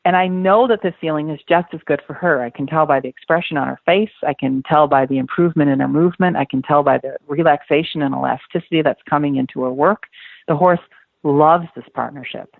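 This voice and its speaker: Gravelly and low, this fifties-aged dressage rider's voice comes over a phone-like line with no room sound as she's interviewed on a podcast. She talks fairly quickly, earnest and emphatic, often repeating herself.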